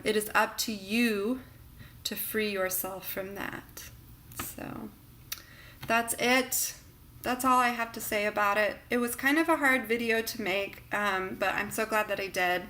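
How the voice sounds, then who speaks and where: A woman talking earnestly and reflectively in a personal vlog, with many pauses and fillers. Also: mid-range voice, sharp tone, slight background noise. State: emotional near the end. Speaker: vlogger.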